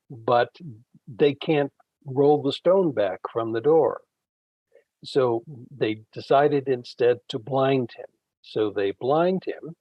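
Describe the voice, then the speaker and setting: A man, a Bible scholar guest, retelling ancient stories in an unhurried conversational way with frequent fillers. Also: mid-range voice, husky, dry recording, lo-fi sound. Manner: unhurried storytelling, frequent fillers, acts out quoted characters.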